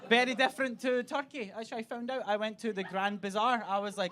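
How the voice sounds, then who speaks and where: A man performs stand-up on a comedy club stage in a fairly high voice. He swears freely and keeps jumping into quick impressions of the people in his stories. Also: fairly even intonation, pushed and bright. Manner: swearing, quick act-outs of other voices.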